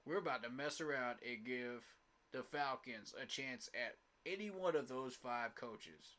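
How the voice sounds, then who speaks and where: Unhurried yet sharp-toned, a young man with a medium-pitched voice streams his reaction to a football game. He's exasperated with his team, and his rant is emphatic and repetitive.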